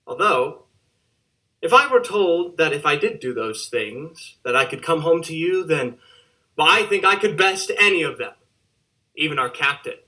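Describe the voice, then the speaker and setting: A homesick young soldier writes home in an earnest, wistful way, as a man acts him. His voice is sharp and bright and sits a little high. It is a theatre monologue read as a letter. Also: animated, moderate pace. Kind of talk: theatre monologue over video call.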